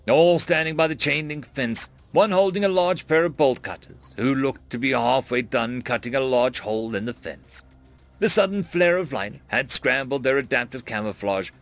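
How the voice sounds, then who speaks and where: A male narrator telling a tense first-person story with a lively, rising and falling delivery. His voice stays mid-pitched and he jumps much higher for frantic quoted lines. Faint music plays behind him. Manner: voices characters' panicked shouts with big pitch jumps.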